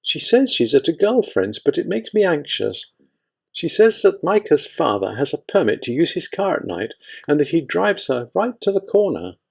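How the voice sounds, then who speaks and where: A man reading an audiobook, voicing a worried, sharp-tongued middle-aged wife in a raised, tense pitch. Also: very animated, normal speed, vocal fry, husky, full character voice.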